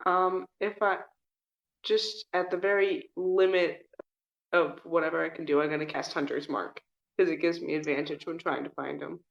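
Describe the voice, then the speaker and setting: A woman's voice: low voice, fairly even intonation, normal speed, gravelly, lo-fi sound. A woman playing a tabletop role-playing game, asking about her options and declaring her character's actions with hesitant fillers. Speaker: player. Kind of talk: casual tabletop game play.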